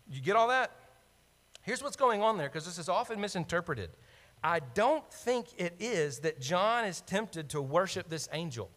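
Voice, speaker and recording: Man, pastor, high voice, animated conversational sermon, long hall reverb. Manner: animated, conversational preaching with asides to the congregation.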